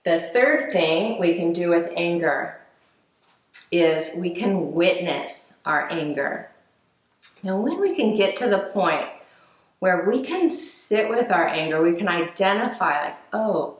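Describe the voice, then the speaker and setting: Slow, gentle woman in an echoey room. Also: lowish voice, lively intonation. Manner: slow, gentle, with frequent fillers and restarts. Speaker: speaker on emotional healing. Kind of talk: reflective teaching talk.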